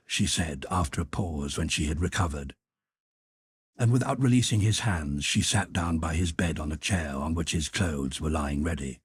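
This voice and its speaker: A man narrating a classic novel as an audiobook in a measured, expressive reading. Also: a bass voice, breathy edge, no room sound, studio quality. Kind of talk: scripted narration.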